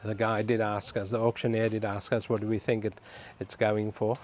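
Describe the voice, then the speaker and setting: Man, lowish voice, chatty house-tour vlogger, faint background ambience. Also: little pitch movement, normal speed, darkish tone, slight background noise. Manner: chatty, addresses viewers as guys. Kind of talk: casual walkthrough commentary. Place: outdoors and indoors at a suburban house.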